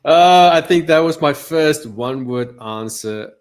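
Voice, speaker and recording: A man's voice: fairly high pitch, expressive, unhurried. A man co-hosting a trading podcast, joking, laughing often and asking questions. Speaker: co-host. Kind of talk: casual podcast banter.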